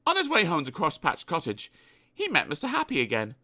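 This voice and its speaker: Animated man reading a children's story. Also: a little high, brisk. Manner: animated, playful asides to the listener. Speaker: audiobook narrator.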